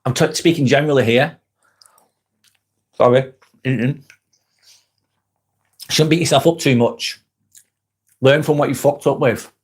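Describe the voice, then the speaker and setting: Munching on a snack, this man runs a live motivational chat, reading out viewer comments and talking to his audience in a blunt, casual way. He curses a lot and hammers his points home by repeating them, his mid-range voice breathy, unhurried and full of frequent pauses.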